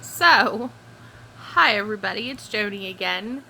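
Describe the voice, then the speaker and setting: A woman's voice: mid-range voice, animated, a little slow, gravelly, pushed and bright, a little hiss or hum, poor audio. Rambling middle-aged woman vlogging at home. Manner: rambling, many fillers and restarts. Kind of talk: casual chat to camera. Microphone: phone or camera close by.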